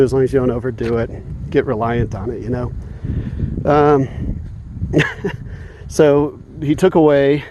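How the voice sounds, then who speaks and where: A man's voice: medium pitch, dark tone, slight background noise. A man vlogging while walking outdoors in the evening, talking in a heated, indignant way and chuckling often between points. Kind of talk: casual rant while walking.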